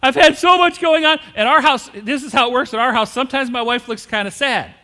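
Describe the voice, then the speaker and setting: A male pastor with a very high, bright voice preaches a humorous storytelling sermon and asks his congregation questions. His voice rings out with a long reverb through the church sanctuary. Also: fairly quick. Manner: humorous storytelling, acts out quoted characters.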